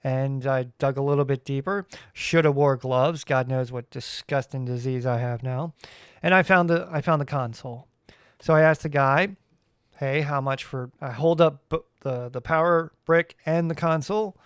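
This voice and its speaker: A man's voice: mid-range voice, normal speed, smooth, dry recording, clean studio sound. A man hosting his own podcast, telling stories in a rambling, wry, casual way. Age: adult parent. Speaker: podcast host. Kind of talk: casual solo podcast chat.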